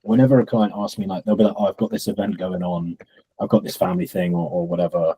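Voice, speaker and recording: A young man, a fitness coach, telling stories in a relaxed podcast chat and acting out what his clients say. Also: sits low, fairly quick, breathy edge, poor audio. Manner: relaxed storytelling, acts out quoted clients.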